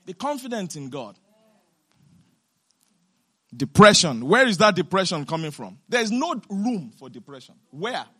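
A woman preacher delivering an emphatic sermon, asking the congregation question after question and breaking into shouts and laughter. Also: fairly low pitch, big pitch swings, breathy edge. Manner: asks the congregation rapid rhetorical questions.

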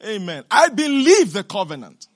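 A woman preacher delivering an emphatic sermon, asking the congregation question after question and breaking into shouts and laughter. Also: mid-range voice, sing-song. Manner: asks the congregation rapid rhetorical questions.

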